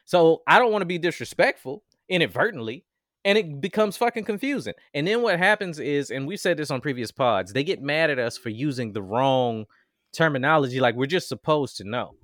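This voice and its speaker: Male podcast co-host, frank and animated, dry mic. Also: on the high side, fairly quick, no echo. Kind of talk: casual chat.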